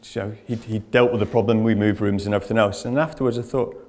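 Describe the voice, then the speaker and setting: A man's voice: lowish voice, fairly even intonation, fast, darkish tone. Chatty man giving a talk. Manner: chatty anecdotal storytelling, addresses audience directly. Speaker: information security speaker. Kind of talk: conference presentation. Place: presentation room before a live audience.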